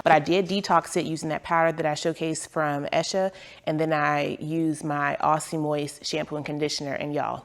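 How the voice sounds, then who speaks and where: A woman's voice: sits low, vocal fry. A woman vlogger chatting casually at home while unboxing packages, rambling and laughing at herself, with a lilt. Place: home, on the couch.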